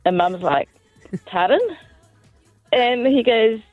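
A woman's voice: a little high, slow pace, no echo. A New Zealand woman calls into a radio show and tells her story cheerfully. Her voice comes through a tinny, dry phone line. Faint music sits underneath. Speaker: caller.

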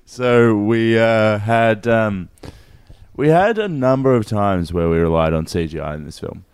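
Hesitant low-voiced man, lively pitch. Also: unhurried, clear, resonant tone, dry recording. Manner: hesitant, with many ums and restarts. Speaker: film podcast co-host. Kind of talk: casual film review chat.

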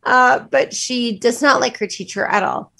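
A woman's voice: fairly high pitch, fairly even intonation, moderate pace, creaky, bright, forceful tone. A woman co-hosting a morning show, chatting in a gushing way, laughing often, and reading the news. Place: broadcast studio.

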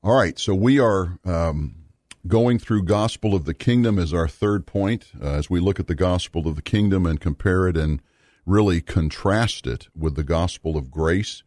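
Male Bible teacher, very deep voice, measured and earnest delivery, dry sound. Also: darkish tone, no room sound. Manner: earnest, measured, with fillers and emphatic repetition.

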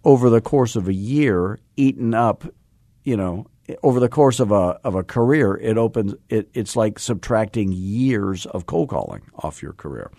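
Fast-talking man coaching sales, low voice. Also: expressive, mellow, no echo, clean studio sound. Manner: fast-talking, admits talking too fast; jokey and self-deprecating while instructing. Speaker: real estate sales coach and host. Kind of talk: casual podcast teaching.

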